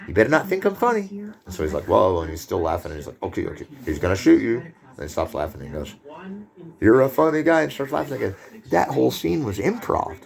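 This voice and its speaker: Gravelly low-voiced rambling film lecturer. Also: male voice. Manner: rambling, digressive, loose asides. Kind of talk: unscripted lecture.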